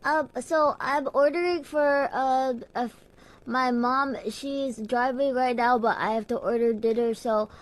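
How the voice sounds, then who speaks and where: A woman's voice: high voice, fairly even intonation, measured pace. A woman voicing a pushy seven-year-old kid who prank-calls to order food, rambling in a childish, innocent-sounding way. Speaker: prank caller. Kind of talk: prank phone call.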